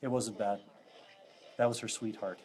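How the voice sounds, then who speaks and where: A man, a psychic medium, leading a live ghost box session with a group indoors, chatty and quick to laugh as he relays answers. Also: on the low side, steady tone, darkish tone, soft background music. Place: indoors in a historic house with a group.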